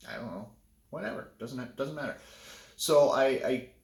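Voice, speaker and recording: A man's voice: medium pitch, lively intonation, normal speed, vocal fry, reverberant. A man telling a candid personal story in a casual, rambling way, often restarting his sentences. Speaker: vlogger.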